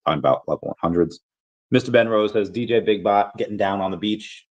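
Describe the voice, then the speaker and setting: A man giving casual solo commentary as a video creator, chatty and animated, reading out posts and shout-outs with frequent fillers and laughs. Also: on the low side, brisk, dull audio. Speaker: crypto and collectibles video creator.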